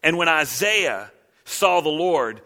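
A man delivering a sermon in a bright, forceful voice set a little high for a man. He preaches with drama, dropping to hushed, low phrases and then rising into loud, pleading cries. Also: lively intonation, takes it slowly. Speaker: pastor.

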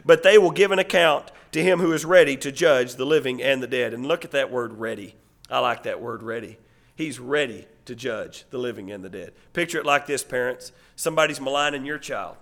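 A man preaching a sermon, reading scripture aloud and swinging from loud, emphatic declarations to hushed asides. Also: medium pitch, fairly quick. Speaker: pastor.

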